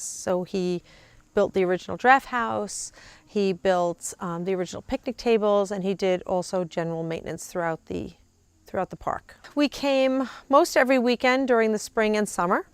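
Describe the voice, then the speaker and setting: Smooth-voiced woman reminiscing fondly. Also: medium pitch, dry recording. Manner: fond, storytelling. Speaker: granddaughter of a former worker. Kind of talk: documentary interview.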